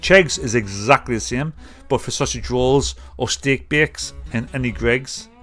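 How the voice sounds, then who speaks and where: A man's voice: medium pitch, a little slow, a bit bright, faint music behind. A man, hosting a livestream and reacting to clips in sweary, mocking chat. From North East England. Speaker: livestream host.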